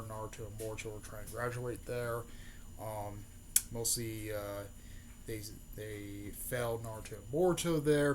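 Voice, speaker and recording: Young guy rambling thru a story recap, um and uh everywhere, ordinary middle voice, bit of hiss. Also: mid-range voice. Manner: rambling, many fillers and restarts, keeps adding "there" and "mostly". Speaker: YouTuber. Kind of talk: casual fan-theory storytelling.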